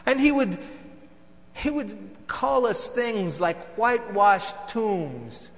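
A man's voice: high voice, big pitch swings, slow, long reverb tail, full character voice. A man playing a vengeful temple elder. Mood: indignant, vengeful. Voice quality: swings between loud outbursts and hushed, seething lines. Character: bitter, vengeful male temple council elder. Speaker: dramatic monologue performer. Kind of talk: theatrical religious monologue.

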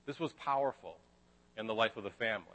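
A man's voice: fairly low pitch, quick pace, a bit bright. A man preaching a sermon, retelling a story in a casual, chatty way with frequent asides. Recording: reverberant hall.

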